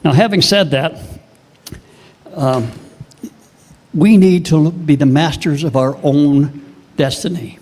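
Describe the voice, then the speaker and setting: A man's voice: a little high, a little mellow. Impassioned older Canadian man speaking. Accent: Canadian English. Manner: impassioned, emphatic, rhetorical questions. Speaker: speaker at a political event. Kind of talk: public political speech.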